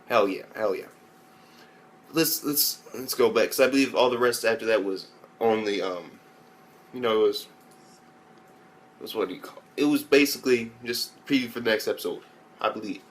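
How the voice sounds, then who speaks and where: Swearing nonstop, a young man with a mid-register voice gives a casual, profane recap of an anime episode. As an anime reviewer he rambles loosely and repeatedly mimics the characters in raised, high voices.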